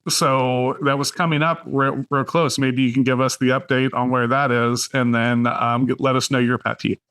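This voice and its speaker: A man hosting a casual podcast chat, loose and chatty, laughing often and filling pauses with "um". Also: mid-range voice, flat delivery, a bit bright, smooth. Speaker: podcast host.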